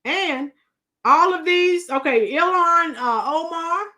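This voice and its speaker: A middle-aged woman with a high, bright voice hosts a casual livestream, chatting slowly with viewers, greeting commenters as they arrive, and breaking into song. Her voice is slightly strained from shouting earlier.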